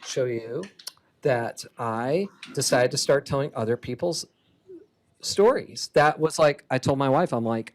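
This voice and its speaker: A man giving a keynote talk as a comic artist, lively and chatty, laughing often. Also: mid-range voice, measured pace, a little hiss or hum. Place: conference hall stage.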